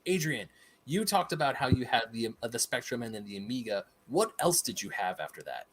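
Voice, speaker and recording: An American man hosting a relaxed video game podcast, talking with eager, laughing enthusiasm. He rambles happily through nerdy tangents in a conversational tone. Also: medium pitch, brisk. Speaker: podcast host. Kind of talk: casual podcast chat.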